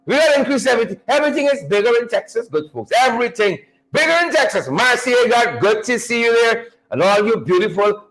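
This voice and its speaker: Male host, high-voiced and bouncy, live-stream banter, jokey and repetitive. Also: low-quality recording. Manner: animated, repetitive, joking banter. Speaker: livestream show host. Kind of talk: lively live-stream chat greeting viewers.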